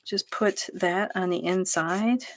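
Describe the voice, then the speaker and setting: A middle-aged woman talks her way through a craft project at home, chatty and quick to laugh at herself. Her voice sits a little low, and she takes her time with each phrase. A clear layer of background noise runs under the recording. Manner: chatty and self-deprecating, laughs often. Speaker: craft channel host. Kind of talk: casual crafting chat.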